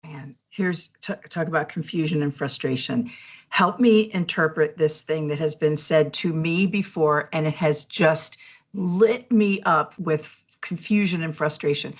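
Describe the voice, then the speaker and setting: A woman's voice: low voice, measured pace. A woman co-hosting a leadership podcast as a coach, talking casually and reflectively, telling personal anecdotes and acting out quoted messages.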